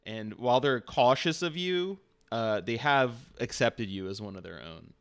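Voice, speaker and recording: A man streaming and acting as game master, narrating casually with halting, amused delivery and frequent fillers. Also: medium pitch, animated, fairly bright tone, clean tone.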